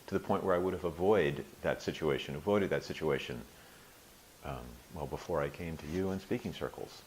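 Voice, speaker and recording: An older man in his sixties speaks in a very low voice, thinking aloud as he answers. His talk is reflective and halting, full of restarts, and he lightens it with animated quoted asides. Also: a little hiss or hum, low-quality recording. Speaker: interview guest, workshop alumnus.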